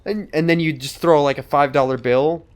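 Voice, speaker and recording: A man's voice: fairly high pitch, fairly even intonation, a little fast, clean tone. A young man co-hosting a let's play, rambling in casual gaming banter, swearing and laughing often.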